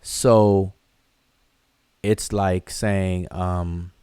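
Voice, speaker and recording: Deep, mellow-voiced man teaching a class. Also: level tone, extremely slow, clear, resonant tone, dry recording, studio quality. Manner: loose, conversational explaining with frequent restarts and fillers. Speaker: hieroglyphics teacher. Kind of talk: live online class answering viewer questions.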